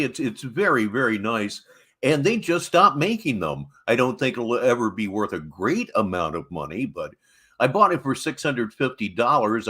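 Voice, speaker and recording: A man's voice: mid-range voice, a bit bright. A man hosting a reaction stream, making dry, sarcastic asides and chatting about his guitars. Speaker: host reacting to clips. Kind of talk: casual commentary over a clip.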